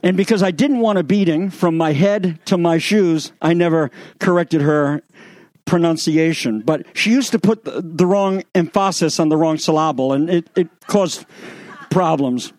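Male pastor, middle-aged, preaching, animated and wry, high voice, dry close sound. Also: normal speed, no room sound. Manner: animated, sarcastic, acts out the spies' lines. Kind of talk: sermon.

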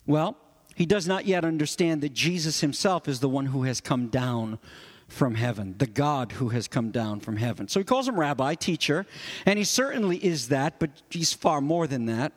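A man preaching an expository sermon, his voice rising for emphasis and dropping low for quiet asides. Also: expressive, normal speed, long reverb tail. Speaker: pastor.

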